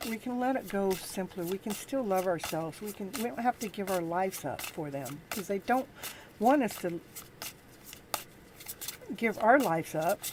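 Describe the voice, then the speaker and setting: Woman giving a gentle tarot reading. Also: medium pitch, animated, background noise. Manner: gentle, encouraging, halting delivery. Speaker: tarot reader and show host. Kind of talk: live tarot reading to viewers.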